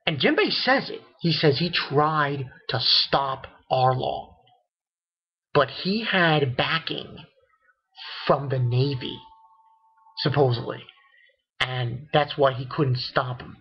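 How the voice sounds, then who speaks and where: Husky-voiced man rambling through a recap. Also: mid-range voice. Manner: rambling, repeats fillers like "you know"; acts out characters' lines in quick bursts. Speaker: anime reviewer. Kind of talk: casual episode recap. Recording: dull lo-fi home recording.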